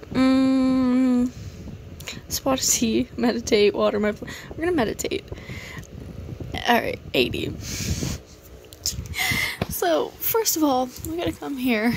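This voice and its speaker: A woman's voice: high voice, slow, vocal fry, long pauses. A woman casually narrating her gameplay, muttering menu commands aloud and sighing now and then in mild exasperation. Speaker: gaming video creator. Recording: noisy background hiss.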